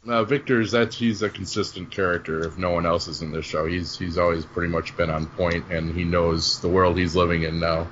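A man's voice: deep voice, flat delivery, a little fast, few pauses, a bit bright. A man hosting a casual podcast recap, joking and swearing as he retells the plot. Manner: jokey, profane, laughs often. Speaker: podcast host. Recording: dull lo-fi audio with faint hiss.

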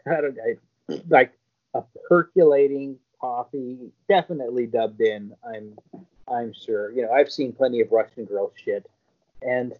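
A man co-hosting a podcast, retelling scenes in a lively, crude comic way. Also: mid-range voice, unhurried. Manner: lively storytelling, crude jokes. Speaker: podcast co-host. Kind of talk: casual comedic chat. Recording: dull lo-fi podcast audio.

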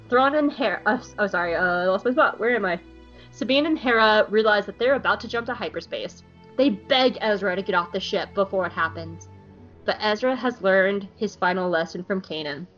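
A woman co-hosting a podcast, recapping an episode in an animated, profane, joking way. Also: mid-range voice, highs cut off. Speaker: podcast co-host.

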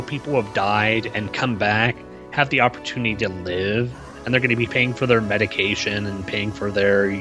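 A man and parent talking casually on a podcast, rambling and joking. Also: fairly low pitch. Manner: animated, rambling, jokey.

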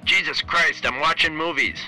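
A man's voice: on the high side, normal speed, pushed and bright, soft background music, pitched above the performer's own voice. A man voicing an annoyed, half-drunk male zoo worker who grumbles and mocks.

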